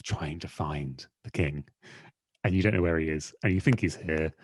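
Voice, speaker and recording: Deep-voiced rambling man. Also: normal speed, no room sound. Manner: rambling, self-deprecating, many fillers and restarts. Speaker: magazine editor, podcast guest. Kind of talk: casual conversational interview.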